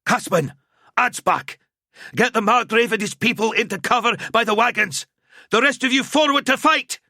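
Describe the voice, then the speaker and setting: A man voicing a gruff male knight captain who shouts harsh commands in the middle of a battle. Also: on the high side, animated, moderate pace, no echo, clean studio sound, voice pushed up, full character voice. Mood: bellowing orders.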